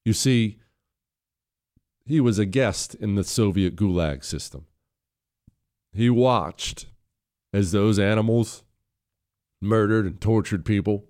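A man's voice: lowish voice, a little mellow. Emphatic male radio talk host. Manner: emphatic, building to raised intensity. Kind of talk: political talk commentary. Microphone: studio microphone.

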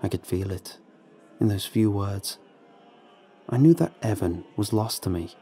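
A man narrates a horror story in a dark, mellow voice with a husky edge. His delivery is measured and tense, and it sits fairly low. Faint music plays under the reading.

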